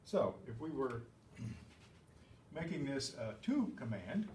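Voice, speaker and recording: A man teaching a Spanish grammar lesson, explaining step by step and clearing his throat often. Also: mid-range voice, sing-song, takes it slowly, a little mellow, far from the mic. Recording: echoey room with faint background hum.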